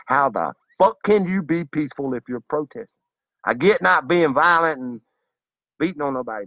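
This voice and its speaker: A man's voice: a little high, lively intonation, moderate pace, bright, forceful tone, dry recording, highs cut off. A man delivering a fired-up, profane, preachy monologue to his viewers. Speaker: vlogger. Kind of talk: impassioned monologue to camera.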